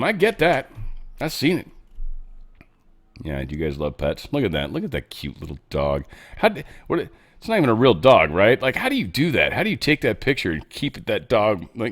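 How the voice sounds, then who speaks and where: Male host, casual sarcastic commentary, lively pitch, loud-to-muttered swings. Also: normal speed. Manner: loose, joking, sarcastic, swings between loud bursts and low mutters. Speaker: show host.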